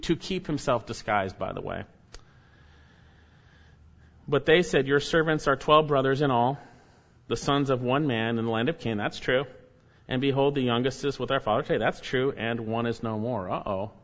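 A male preacher reads scripture aloud and then breaks in with emphatic commentary and pointed rhetorical questions. His voice sits at an ordinary middle pitch. The recording sounds a little dull and muffled. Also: normal speed, long pauses. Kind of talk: expository sermon.

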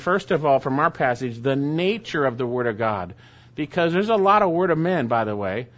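A man preaching an expository sermon, reading scripture aloud slowly and then explaining it in plain, casual asides. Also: a little high, a bit bright. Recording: dull lo-fi sound.

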